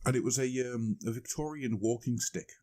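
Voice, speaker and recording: A man's voice: medium pitch, normal speed. A man co-hosting a podcast in casual chat, rambling and joking as he tells stories. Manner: joking, rambling, lively storytelling. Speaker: podcast co-host.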